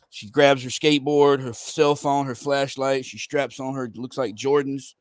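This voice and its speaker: Man, livestream host, reading a comic aloud, casual rambling, mid pitch, dry close sound. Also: steady tone, normal speed, hardly any pauses, no room sound. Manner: casual, rambling commentary with fillers.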